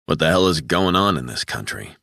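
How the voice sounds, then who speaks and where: A man's voice: extremely low pitch, animated, brisk, gravelly, sharp tone, no room sound, studio quality, full character voice. A man voicing an old man at a bar who grumbles with indignation. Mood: indignant.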